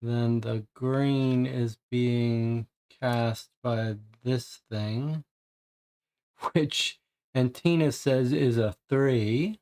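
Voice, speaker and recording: A man's voice: medium pitch, fairly even intonation, very slow, darkish tone. A man streaming a puzzle game, thinking aloud and muttering in frustration as he works through it.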